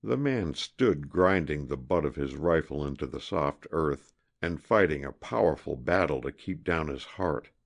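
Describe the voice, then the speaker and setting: A male audiobook narrator with a very low voice, reading a historical adventure with dramatic expression. His pitch moves in a lively, animated way through the prose. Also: unhurried, gravelly, few pauses. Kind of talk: scripted narration of a historical novel.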